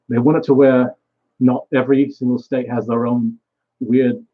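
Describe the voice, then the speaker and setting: A man's voice: mid-range voice, breathy edge, muffled recording. A young man vlogging a rambling solo monologue, swearing often and trailing off mid-thought.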